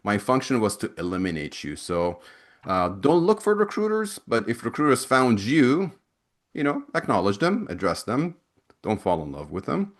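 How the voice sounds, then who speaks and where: A man's voice: mid-range voice, sing-song, normal speed. A man, an ex-recruiter, hosting a webinar Q&A over a video call and reading audience questions aloud, loose and chatty with many restarts. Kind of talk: casual Q&A from chat.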